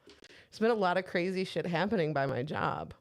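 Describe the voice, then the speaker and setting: A woman's voice: on the low side, moderate pace. Candid, profane woman co-host. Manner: candid, swearing storyteller who quotes herself. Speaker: podcast co-host. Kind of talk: casual chat.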